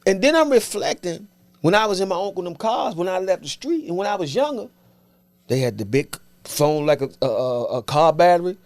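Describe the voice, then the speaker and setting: A man from Washington, DC, a podcast guest telling his story in relaxed slang and acting out what others said. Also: sits high, fairly quick, no room sound. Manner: animated storyteller who acts out other people's words. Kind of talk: casual storytelling interview.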